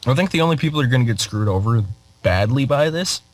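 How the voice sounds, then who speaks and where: A man's voice: medium pitch, lively intonation, fast, dry recording, poor audio. A young man co-hosting a podcast in casual chat, laid-back with wry quips. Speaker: podcast co-host.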